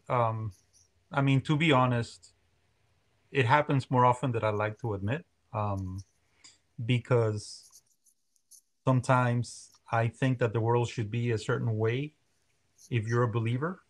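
A man, answering interview questions in a thoughtful, hesitant way. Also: medium pitch. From Mexico. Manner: thoughtful, hesitant, self-deprecating. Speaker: guest, band member.

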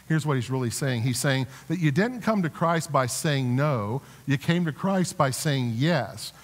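A man preaching a sermon as a pastor, earnest, with repeated restarts, building to emphatic exhortations. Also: medium pitch. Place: church sanctuary. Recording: reverberant church sanctuary.

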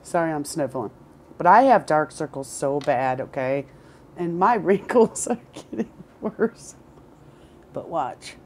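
A woman's voice: low voice, lively intonation, slow, slight background noise. Rambling woman talking to camera. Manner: rambling, repeats words, swears. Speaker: vlogger. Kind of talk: candid personal vlog. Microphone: headphones with camera.

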